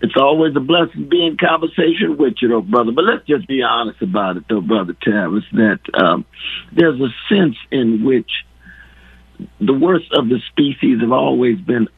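A man with a hoarse, husky voice holds forth as a radio guest, sermon-like and impassioned, drawing words out for weight. His voice comes through a tinny phone line, dry and close, with no room around it. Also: medium pitch, lively intonation, no echo. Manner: preacherly, slows down for emphasis. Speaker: guest commentator. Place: indoors.

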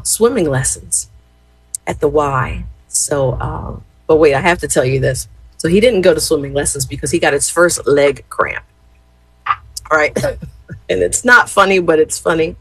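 A woman's voice: on the low side, fairly bright tone, slightly rough, no echo, poor audio. A woman in her fifties telling a rambling family story to her viewers, chatty, with lots of fillers and "y'all". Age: 50s. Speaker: former gospel radio host.

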